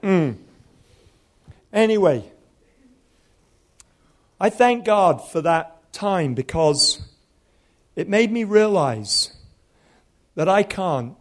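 High-voiced animated male preacher. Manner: animated, humorous storytelling. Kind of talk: storytelling sermon.

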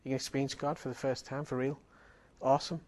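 A man's voice: mid-range voice, level tone, quick pace, darkish tone. Earnest preacher man. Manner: emphatic, earnest preaching with repeated phrases. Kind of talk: sermon.

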